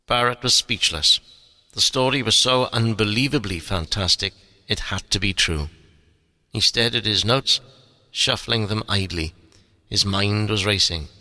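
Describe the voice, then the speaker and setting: Male audiobook narrator, steady delivery, low bright voice. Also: measured pace, no echo. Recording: soft music underneath.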